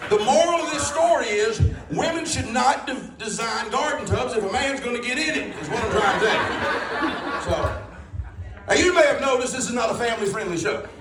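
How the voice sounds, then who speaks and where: A man's voice: very high voice, animated, fairly quick, a loud crowd, very noisy. A man doing a stand-up comedy set, telling rambling folksy stories with punchlines. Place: comedy club stage before a live audience. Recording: roomy club, distant mic, audience laughter.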